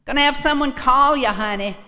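A woman voicing a loud, breezy man with a Massachusetts accent answering a help line. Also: high voice, brisk, pitched above the performer's own voice. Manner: loud and breezy, calls people sweetheart. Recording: echoey hall.

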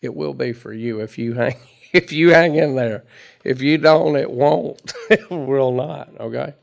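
At a recovery meeting, a middle-aged man shares his personal story, chatty and folksy, often chuckling at his own expense. His voice sits at medium pitch with vocal fry, and he talks a little slowly.

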